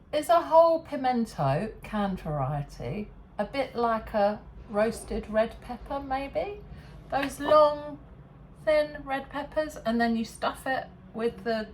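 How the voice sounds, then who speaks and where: English lady doing a cooking demo in her kitchen, chatty and giggly, pitch all over the place. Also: a little hiss or hum. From England. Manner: chatty, giggly, self-deprecating. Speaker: cooking show host. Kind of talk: casual kitchen demonstration. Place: home kitchen.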